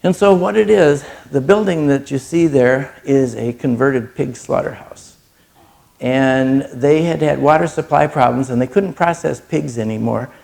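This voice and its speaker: A middle-aged man giving an earnest personal testimony as a charity speaker, telling his story with pauses and moments of being choked up. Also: mid-range voice, darkish tone. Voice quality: gravelly.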